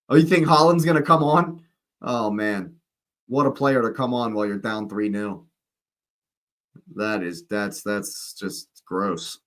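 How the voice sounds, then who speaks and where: A man's voice: lowish voice, measured pace. A man hosting a football watch-along, calling the play live in a chatty, casual way with exclamations and slangy asides. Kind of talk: casual live match commentary.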